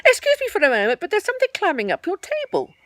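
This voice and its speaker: A woman voicing a bouncy, cheerful young male tiger, with a loud, high, exuberant voice. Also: wildly swooping pitch, fast talker, no room sound, full character voice. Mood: excited.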